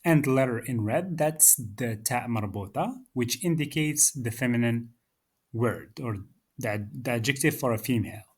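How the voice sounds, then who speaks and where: Male language teacher, husky voice, very slow and patient delivery, drills words for repetition. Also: mid-range voice, animated. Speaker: Arabic teacher. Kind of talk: slow beginner language lesson.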